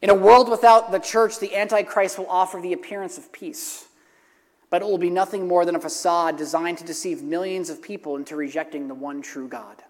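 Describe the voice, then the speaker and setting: Brief: an earnest male pastor with a high voice, preaching a sermon in a reverberant church sanctuary. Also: steady tone, fairly quick. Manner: earnest, repeats key phrases for emphasis. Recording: long hall reverb.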